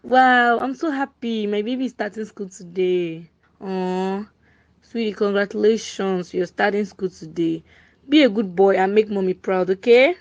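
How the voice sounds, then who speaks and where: A woman voicing a caring friend and mother, gentle in manner. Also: medium pitch, measured pace, muffled recording, lightly acted. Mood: doting.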